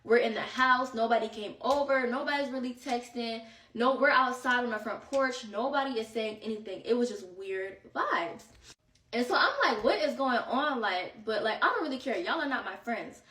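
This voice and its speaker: Young woman host, casual slangy storyteller, higher pitch, echoey room sound. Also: moderate pace, bright, forceful tone, far from the mic. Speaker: podcast host. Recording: roomy echo, set back from mic.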